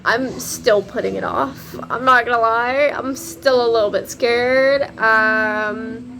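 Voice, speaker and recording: A young woman talks books to her camera in an easy, chatty way, cursing and laughing as she goes. Her voice sits a little high and sounds bright, and she takes her time with every sentence. A faint hiss sits under the recording. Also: steady tone, slow. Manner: chatty, swears freely, laughs often. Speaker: book vlogger. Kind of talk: casual chat to camera.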